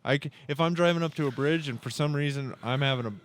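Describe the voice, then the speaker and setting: A man's voice: a little high, fast. Man rambling loosely in casual chat. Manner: explains at length with many "like"s and swearing.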